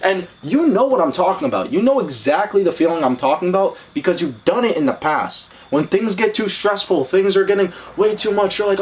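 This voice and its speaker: A man's voice: sits high, big pitch swings, brisk, hardly any pauses, a little hiss or hum. Blunt, profane male podcast host. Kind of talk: casual podcast chat.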